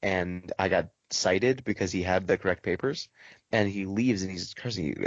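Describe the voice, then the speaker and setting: A man with a low voice hosts a casual podcast and tells stories in a quick, animated way. The recording is dry and slightly muffled. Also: no room sound. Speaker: podcast host.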